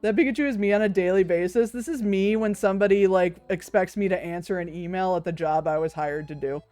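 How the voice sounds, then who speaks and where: A woman's voice: on the low side, fairly quick, mellow, dry recording, soft background music. A woman, chatting casually with her stream viewers, laughing often, swearing freely and cooing over cute things.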